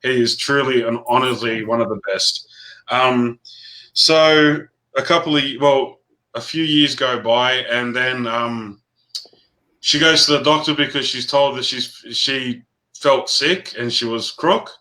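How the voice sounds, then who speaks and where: A man with a bright, forceful voice at a middle pitch tells a story from his own life in an easygoing chat. He speaks earnestly and haltingly, breaking off and restarting his sentences. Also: low-quality recording. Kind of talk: personal storytelling in casual chat.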